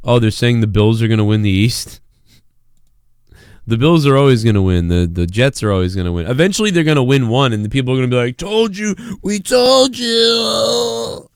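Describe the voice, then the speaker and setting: A man's voice: mid-range voice, lively intonation, quick pace, a little mellow, clean tone, no echo, studio quality. A man hosting a live stream in casual chat, rambling, swearing freely and reading viewer messages aloud. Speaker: live-stream show host.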